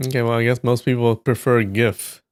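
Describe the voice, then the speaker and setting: A man's voice: medium pitch, flat delivery, moderate pace, clean tone, no room sound, studio quality. A man hosting a live stream, chatting casually with viewers and joking and teasing with frequent laughs.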